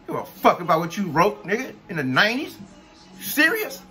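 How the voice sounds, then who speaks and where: A man's voice: high voice, big pitch swings, moderate pace, pushed and bright, soft background music. A man vlogging a profane, blunt rant, scornful and heavy on cursing.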